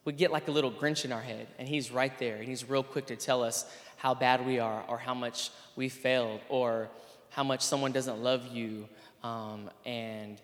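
A man of average pitch gives an earnest, casual testimony to a listening crowd. He keeps circling back with fillers and restarts as he talks. His voice rings out with a long hall reverb behind it. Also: steady tone, normal speed. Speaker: PE teacher. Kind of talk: spoken testimony to an audience.

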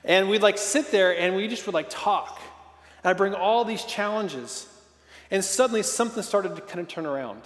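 A high-voiced man in his thirties preaches in a loose, chatty way, full of fillers and little acted-out quotes. His voice rings through a large hall with a long echo. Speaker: pastor. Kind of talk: sermon. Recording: echoey hall reverb.

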